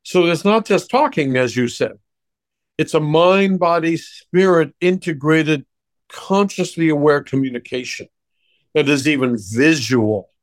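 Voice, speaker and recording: Deliberate man voice coach, dry sound. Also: on the high side, no echo. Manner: deliberate, reflective, anecdotal. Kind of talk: podcast interview conversation.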